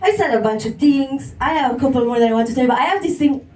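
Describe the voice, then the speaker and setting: A woman's voice: high-pitched, lively intonation, quick pace, a little mellow. A woman with a non-native English accent performing a stand-up comedy set, chatty and swearing, laughing at her own jokes. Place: live comedy venue with audience. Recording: echoey room, mic heard from a distance, crowd laughter.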